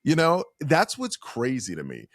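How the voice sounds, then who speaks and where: A man's voice: medium pitch, unhurried, dry recording. A man, a comedian guest, telling stories on a podcast over a video call, acting out the voices of people in his stories. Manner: animated, acts out quoted dialogue. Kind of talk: storytelling in a podcast interview.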